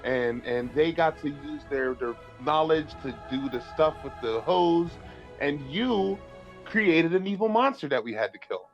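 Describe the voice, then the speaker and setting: A man playing a tabletop game, playful and giggly, jumping between pitches. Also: lively intonation, unhurried, dull audio, faint music behind. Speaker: player. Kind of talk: casual tabletop play.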